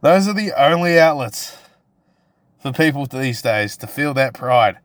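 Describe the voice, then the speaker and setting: A man's voice: mid-range voice, expressive, a little slow, dry recording, clean studio sound. A young man with a New Zealand accent hosting a solo podcast, ranting in a crude, profane, provocative way with lots of restarts. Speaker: podcast host. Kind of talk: casual solo podcast rant.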